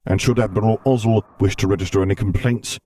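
Vader: a man playing a cold masked dark lord. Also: fairly even intonation, natural voice. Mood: commanding. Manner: slow, clipped orders in a low rumble.

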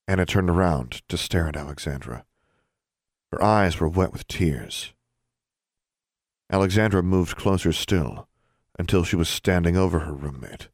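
A man narrating an audiobook chapter in an even, steady storytelling manner. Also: low-pitched, normal speed, gravelly, no echo, clean studio sound. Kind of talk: scripted narration.

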